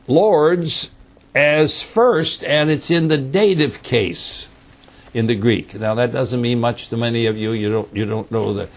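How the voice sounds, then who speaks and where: Slow-paced man teaching the Bible. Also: medium pitch, gravelly. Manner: slow, repetitive explaining with frequent "okay?" checks.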